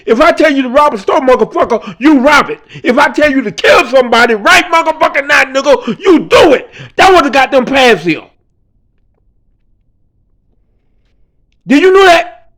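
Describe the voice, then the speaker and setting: A man voicing a menacing male gang enforcer who shouts cursing threats. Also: extremely high pitch, pitched above the performer's own voice.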